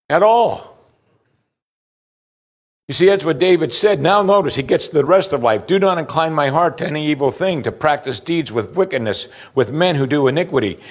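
A middle-aged man preaching from the pulpit, his pitch in the ordinary middle range for a man. He reads scripture aloud and then turns to his listeners with pointed questions. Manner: asks the congregation pointed questions. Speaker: pastor. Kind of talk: sermon.

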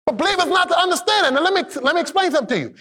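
A man preaching with a high, lively voice that climbs into shouts and then drops low. He calls on the congregation to repeat his words to their neighbors. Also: racing. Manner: emphatic preaching, swinging between shouted peaks and low asides; call-and-response, has the congregation repeat lines. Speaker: pastor. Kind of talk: sermon.

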